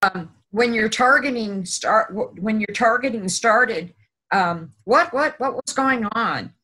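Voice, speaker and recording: A woman hosting an interview, talking hesitantly with many pauses and restarts. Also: fairly high pitch, expressive, sharp tone, slightly rough, poor audio. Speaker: host. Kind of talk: casual interview.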